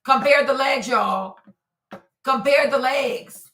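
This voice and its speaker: A woman hosting a commentary show, talking emphatically with lots of repetition and exclamation, her voice going hoarse. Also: sits high, a little slow, fairly bright tone. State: losing her voice. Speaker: host. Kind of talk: commentary on a criminal case. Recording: echoey room, far from mic.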